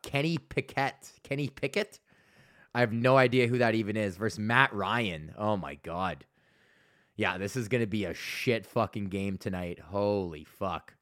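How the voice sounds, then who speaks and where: A man's voice: medium pitch, a bit bright. A male comedian hosting a solo podcast, ranting in a loose, rambling, profane way.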